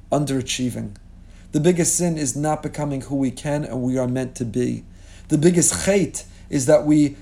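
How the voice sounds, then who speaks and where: A man's voice: fairly high pitch, warm tone. A man giving a sermon as a rabbi, telling a story dramatically and asking rhetorical questions with passion.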